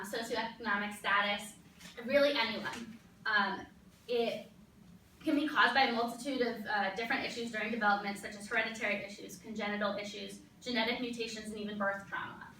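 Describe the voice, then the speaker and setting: A young woman gives a capstone presentation in a lecture room, her voice bright and slightly high. She explains earnestly, with frequent ums. The sound is echoey and distant from the mic. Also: slight background noise. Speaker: graduate student presenter.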